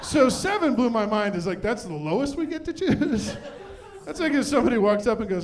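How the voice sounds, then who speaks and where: A middle-aged man works a club stage with a handheld mic, running a self-deprecating stand-up set. His voice is high and a little fast, with big swings in pitch and a punchy delivery.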